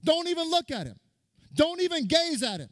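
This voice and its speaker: A man's voice: very high-pitched, big pitch swings, moderate pace, no room sound, studio quality, pitched above the performer's own voice, heavily acted. A man acting out a harsh, scornful male Marine drill instructor who barks orders at recruits during a sermon. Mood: barking scornful. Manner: shouted orders, contemptuous.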